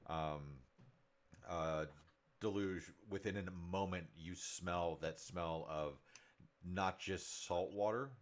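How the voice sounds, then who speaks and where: Deep-voiced male game master, narrates scenes in detail with lots of ums, low and steady. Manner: descriptive, filler-heavy.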